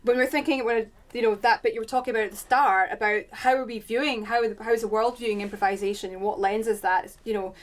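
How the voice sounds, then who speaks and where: A woman's voice: a little high, steady tone, fast talker, few pauses. A woman researcher speaking on a panel, thinking aloud and searching for her words. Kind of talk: reflective panel discussion.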